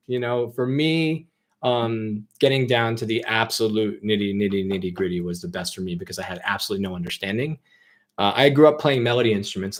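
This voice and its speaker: A man in a band casually answering viewer questions in a relaxed, joking chat. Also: fairly low pitch.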